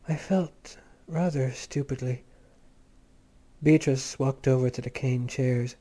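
A man reading a literary story aloud in a measured, lyrical manner. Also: medium pitch, fairly even intonation, mellow. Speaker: audiobook narrator. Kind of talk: literary narration read aloud.

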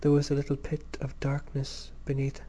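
A man narrating a story in a measured, gentle reading. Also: mid-range voice, completely flat delivery. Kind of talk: scripted audiobook narration.

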